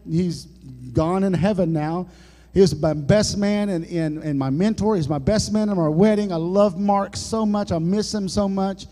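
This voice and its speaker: Male pastor, high voice, unhurried folksy sermon, church echo. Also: warm tone. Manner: folksy preaching with jokes and sudden dramatic drops in volume. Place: church sanctuary. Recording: long church hall reverb.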